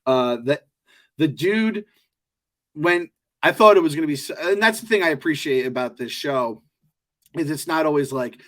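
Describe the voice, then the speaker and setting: A man co-hosting a podcast, chatting casually in an animated, joking way with lots of swearing. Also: fairly high pitch, normal speed. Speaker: podcast co-host. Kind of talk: casual chat.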